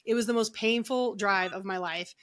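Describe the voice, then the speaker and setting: A woman's voice: medium pitch, normal speed, fairly bright tone. A middle-aged woman, a guest on a podcast, telling her story in a chatty way, full of "like" and restarts. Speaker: guest, energy healer and author. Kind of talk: casual podcast interview storytelling.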